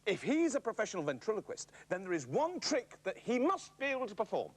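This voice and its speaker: Bossy, boastful comic presenter, man, high and bouncy delivery. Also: huge pitch swings, a little fast. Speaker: children's TV presenter. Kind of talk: comic children's puppet show.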